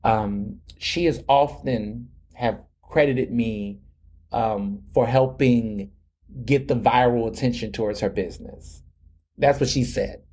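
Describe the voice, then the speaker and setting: A man's voice: mid-range voice, slow, darkish tone. A young adult man hosting a podcast, telling a long story in a chatty, slangy way with lots of restarts. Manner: chatty, repeats words and restarts often, slangy. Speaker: podcast host. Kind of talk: casual storytelling monologue.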